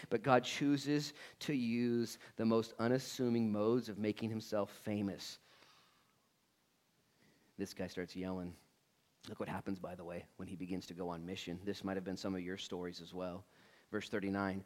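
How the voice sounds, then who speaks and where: A male pastor preaching a sermon in a church with energetic, casual and slangy talk. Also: fairly low pitch, normal speed.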